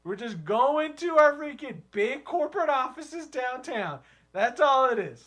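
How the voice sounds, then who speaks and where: A smug conservative country hipster who lives in the city, put on by a man. He rambles with mock pride, and his pitch jumps around a lot. It is an everyday comedic sketch voice in a podcast chat. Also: sing-song, a little slow, fairly bright tone, full character voice. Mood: mock-proud.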